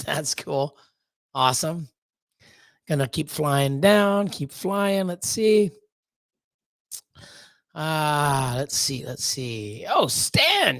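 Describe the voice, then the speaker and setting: A man's voice: fairly high pitch, creaky, fairly bright tone, dry recording. A man hosting a live stream, greeting chat viewers one by one in a rambling, loose way with lots of fillers. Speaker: livestream host.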